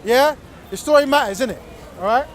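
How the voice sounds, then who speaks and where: Man, very high voice, brisk facilitator, street noise behind. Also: expressive, some chatter behind. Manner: brisk, explains and checks "right?", "innit?". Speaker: discussion facilitator. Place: street outdoors.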